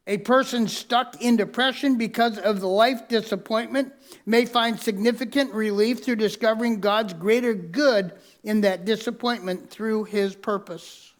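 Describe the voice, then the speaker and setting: High-voiced male pastor preaching. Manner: repeats key lines for emphasis; tells listeners to mark their notes. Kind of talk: sermon with personal story. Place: church sanctuary.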